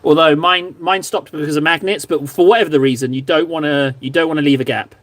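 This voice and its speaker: A young livestream host with a slightly high, fairly bright voice talks fast in a steady tone as he paints miniatures. He banters with chat in a joking, teasing way.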